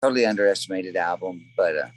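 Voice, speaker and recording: A tribute band singer is a guest in a casual interview, spinning rambling stories packed with fillers. His voice sits low and is expressive and fast, but the audio quality is poor.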